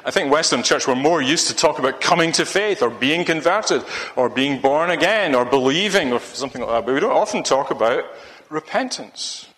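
A man's voice: a little high, animated, moderate pace, a bit bright, big-room sound. A man preaching a sermon, rambling and restarting his sentences often. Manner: rambling, with many restarts and fillers.

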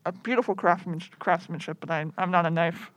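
A woman's voice: lowish voice, fairly quick, fairly bright tone. A woman co-hosting a podcast, casually retelling a film's plot and acting out the characters' lines with playful energy. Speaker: podcast co-host. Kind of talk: casual chat recapping a film.

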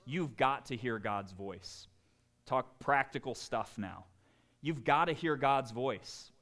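A man preaching a sermon in an animated, conversational way, full of jokes and asides. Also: mid-range voice. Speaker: pastor.

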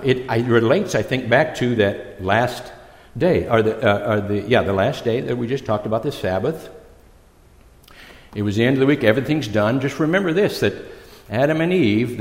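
Male visiting preacher, lower voice, chatty and halting, echoey church. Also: a little mellow. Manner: conversational, halting, with many restarts. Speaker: guest preacher. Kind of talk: sermon.

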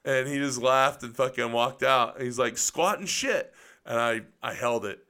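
A man's voice: medium pitch, level tone, normal speed, pushed and bright, smooth. A man co-hosting a casual chat, telling a story with lots of swearing and laughter. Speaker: co-host.

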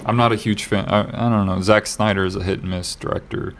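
Deep gravelly guy chatting on a podcast, kinda flat, lots of ums and restarts, faint hiss behind. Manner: halting, with many fillers and restarts. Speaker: podcast co-host. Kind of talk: casual chat, reading news aloud.

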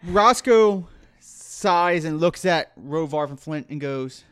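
A man's voice: a little high, expressive, slow, fairly bright tone, smooth, no echo, clean studio sound. Playful man narrating his character. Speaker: player. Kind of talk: casual tabletop game chat.

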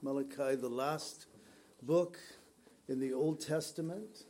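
A man's voice: medium pitch, slow pace, a little mellow, a little hiss or hum. A middle-aged man pastor speaking to his congregation in a conversational, storytelling way, with fillers and restarts. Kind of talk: sermon.

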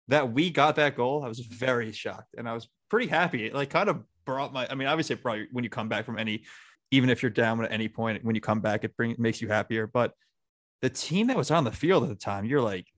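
A man's voice: medium pitch, brisk, a bit bright. Chatty man talking football on a podcast. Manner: chatty fan talk, quotes his own thoughts. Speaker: podcast co-host. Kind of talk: casual sports podcast chat.

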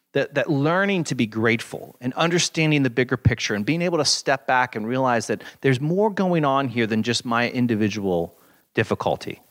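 Male pastor, mid-pitched, earnest sermon delivery with emphatic scripture reading. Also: fairly bright tone.

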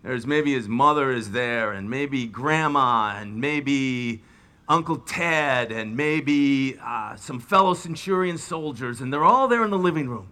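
A middle-aged man preaching a sermon, retelling biblical scenes with lively, dramatic delivery. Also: medium pitch, measured pace. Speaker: pastor.

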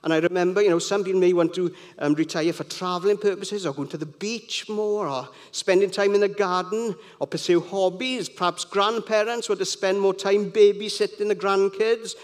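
A man's voice: high voice, normal speed, hardly any pauses. A middle-aged man gives a sermon in a conversational, rambling way full of personal anecdotes. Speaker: preacher.

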